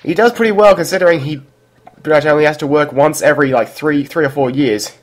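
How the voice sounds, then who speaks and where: Higher-voiced man chatting about games. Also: fast. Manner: chatty, hesitant with fillers and restarts. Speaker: let's play co-commentator. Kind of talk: casual gaming commentary.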